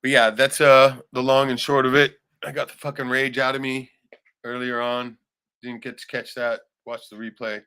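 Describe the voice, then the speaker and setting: A man hosting a casual livestream, rambling and swearing often, suddenly turning loud and excited. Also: mid-range voice, normal speed, smooth. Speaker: livestream host.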